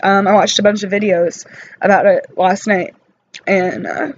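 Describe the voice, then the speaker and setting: A woman talking in an unscripted personal vlog, weary and emotional from pain, halting and apologetic with many pauses and fillers. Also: medium pitch, fairly even intonation, muffled recording, a little hiss or hum. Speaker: vlogger.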